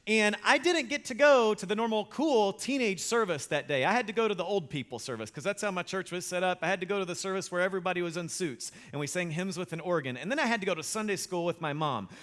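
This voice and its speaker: A man preaching a sermon as pastor, telling a funny story in a lively, self-mocking way. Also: high voice.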